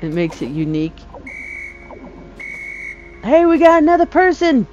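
A woman talking casually over her own gameplay, chatty and excitable, laughing often. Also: sits high, measured pace, soft background music. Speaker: gamer. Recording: slightly dull lo-fi sound.

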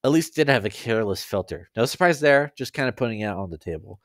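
A man's voice: lowish voice, expressive, quick pace, few pauses, no room sound, clean studio sound. A man casually reading fan fiction aloud, stumbling over words and making joking asides. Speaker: story reader.

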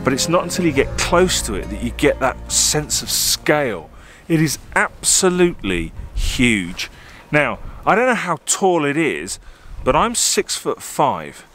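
A man's voice: on the high side, sing-song, a little slow, fairly bright tone, faint music behind. A man, a landscape photographer talking to camera outdoors on snowy, windy hills through a small camera mic. He is chatty and self-deprecating, with light jokes. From southern England. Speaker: landscape photographer and workshop host. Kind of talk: outdoor vlog commentary to camera. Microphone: small on-camera microphone. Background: wind.

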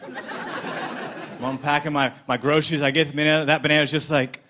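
A man performing a stand-up comedy set on a TV studio stage, telling his bits in an animated, playful way. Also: fairly high pitch, moderate pace, noisy background.

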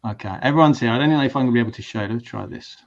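A man's voice: mid-range voice, rapid-fire, vocal fry. A man hosting a casual video-call talk show, chatty and hesitant, often restarting his sentences. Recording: dull lo-fi stream audio.

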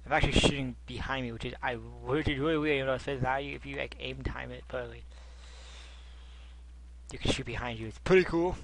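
A man giving casual gameplay commentary as a let's play host, rambling and self-mocking, with sudden frustrated shouts. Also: medium pitch, brisk, background noise.

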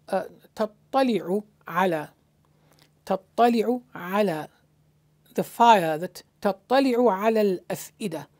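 A woman giving a slow, explanatory lecture on translating scripture, halting often with fillers and restarts. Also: medium pitch, a little mellow. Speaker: Qur'an translation teacher.

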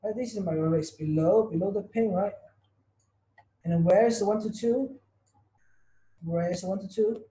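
A man teaches an online trading class, repeating points and firing rhetorical questions at his students. His voice sits high for a man, with a soft, mellow tone. The sound is roomy, with a clear echo. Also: normal speed, pauses often. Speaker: trading tutor. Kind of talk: online webinar lesson.

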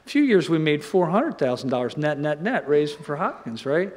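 A man's voice: a little high, very animated, fairly quick, darkish tone. A man giving an informal lecture, rambling and joking as he tells stories. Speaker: guest lecturer. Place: lecture hall. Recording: long reverb in a lecture hall.

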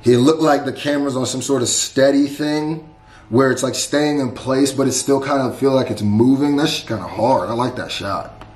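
A man's voice: mid-range voice, moderate pace, a little mellow. Laid-back man reacting, echoey room. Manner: laid-back, repeats lines back and muses. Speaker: reaction video host. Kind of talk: casual reaction commentary.

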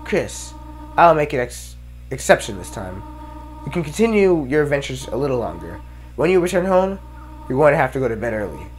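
A man voicing a worried, gentle goat-monster mother scolding her child over the phone in a prim, fussing way. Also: medium pitch, very animated, brisk, faint music behind, natural voice. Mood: tender.

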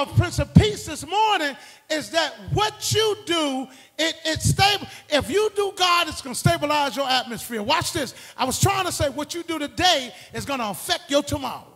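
A man preaching a call-and-response sermon, swinging from quiet asides to shouted exhortations. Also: extremely high pitch, long reverb tail. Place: church sanctuary.

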